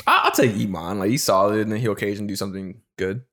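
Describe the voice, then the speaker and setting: A man on a podcast, rambling quickly with lots of filler words and casual swearing. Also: fairly low pitch, bright, forceful tone. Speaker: podcast co-host. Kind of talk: casual chat.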